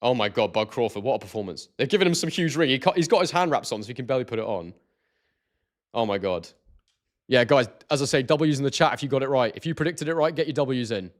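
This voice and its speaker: A man hosting a live boxing stream, chatty and excitable, reading out viewers' chat messages. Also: mid-range voice, quick pace.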